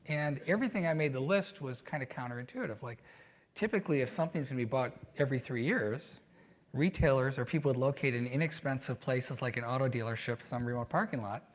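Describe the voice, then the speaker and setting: Man recounting stories in a relaxed interview. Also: mid-range voice, fast talker. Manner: animated and reflective, with many "you know" fillers. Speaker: guest. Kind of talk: conversational interview storytelling.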